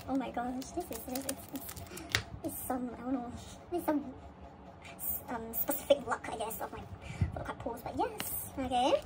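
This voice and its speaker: A woman vlogger chatting casually through an unboxing and breaking into excited high squeals. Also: normal speed, noisy background.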